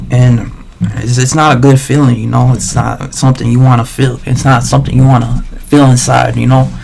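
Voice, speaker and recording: Male streamer, casual rant, gravelly, loose and slangy delivery. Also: medium pitch, level tone, brisk, a little mellow. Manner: rambling, slangy, swears a lot, many restarts. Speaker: livestreamer. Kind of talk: casual rambling monologue.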